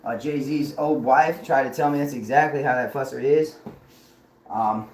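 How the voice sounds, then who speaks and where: A man's voice: medium pitch, normal speed, a little mellow. Man in an echoey room, ranting and chanting. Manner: chants rhythmic nonsense words, then turns to profane confrontational ranting. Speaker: livestream host. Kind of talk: rambling livestream monologue. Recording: roomy echo with clear background noise.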